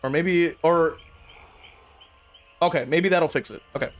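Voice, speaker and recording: High-voiced exasperated young male streamer. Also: measured pace. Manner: exasperated, swearing, frequent laughs. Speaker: game streamer. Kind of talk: casual livestream commentary.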